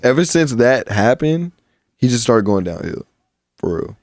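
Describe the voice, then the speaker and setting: Chill young dude cohosting a podcast, low key, dry sound. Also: male voice, sing-song, unhurried, darkish tone, no room sound. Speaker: podcast co-host. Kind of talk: casual chat.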